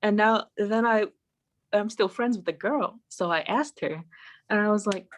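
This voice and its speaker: A woman's voice: medium pitch, normal speed. Profane woman telling a story. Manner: profane, animated storytelling with acted-out quotes. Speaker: podcast guest. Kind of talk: casual storytelling chat. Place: home, remote call.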